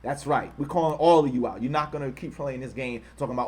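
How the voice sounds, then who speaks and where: A man's voice: mid-range voice, fast talker, hardly any pauses, husky. A man hosting his channel who reads out quotes in heated commentary, angrily insulting his target and repeating himself for emphasis. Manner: says he is trying to control his harsh speech. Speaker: channel host.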